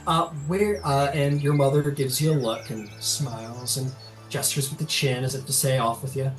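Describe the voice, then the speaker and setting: A man's voice: medium pitch, fairly even intonation, normal speed, soft background music. A man narrating a tabletop game as game master, describing scenes with frequent ums and restarts.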